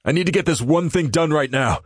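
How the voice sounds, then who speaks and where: A man's voice: a little high, brisk, no echo, clean studio sound, pitched above the performer's own voice, natural voice. A man doing a flustered, clipped boss. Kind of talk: audiobook character voice.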